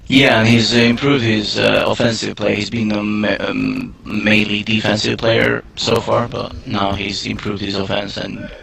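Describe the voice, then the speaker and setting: Male color commentator, lowish gravelly voice, calm measured analysis. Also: poor audio. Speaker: expert co-commentator. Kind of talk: live sports commentary.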